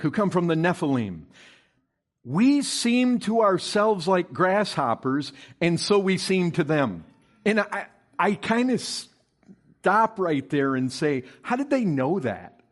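Emphatic preaching man, higher voice. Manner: preaching with rising emphatic bursts and drawn-out stresses; reads scripture aloud and questions the listeners. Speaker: pastor. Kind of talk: sermon.

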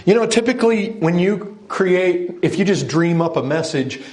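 A man's voice: high voice, animated, moderate pace, darkish tone. A man preaching a sermon, speaking with emphasis and putting direct questions to his listeners. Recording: echoey room.

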